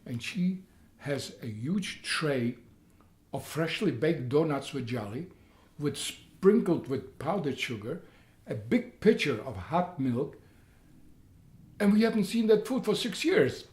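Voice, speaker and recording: An old man recounts his past in a slightly high voice. He stumbles, repeats words and rises to loud excitement at key moments. The room around him adds a noticeable echo. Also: takes it slowly. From Poland. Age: 80s. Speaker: interviewee. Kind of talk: personal storytelling. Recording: roomy echo.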